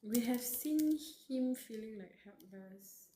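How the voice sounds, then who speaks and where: A woman's voice: a little high, expressive, slow, dark tone. A woman streaming a live novel reading, reacting emotionally in a rambling way with lots of fillers. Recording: roomy with faint background noise.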